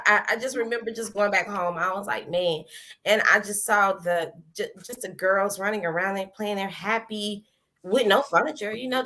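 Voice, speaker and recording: A woman giving a testimony, telling her story in a lively way, acting out her own past words and laughing often. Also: on the high side. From American South. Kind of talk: animated personal storytelling.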